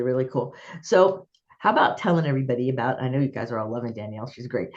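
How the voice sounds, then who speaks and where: A woman with a very deep, slightly mellow voice hosts a podcast interview, chatting and sharing personal stories while laughing often. The conversation comes through with a lo-fi sound.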